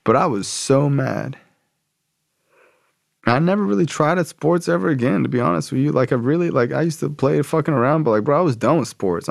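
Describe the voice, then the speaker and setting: Gravelly young man telling his story. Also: a little high, expressive, fairly quick, dry recording, studio quality. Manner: casual and profane, street slang. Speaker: speaker sharing his recovery story. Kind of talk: personal storytelling.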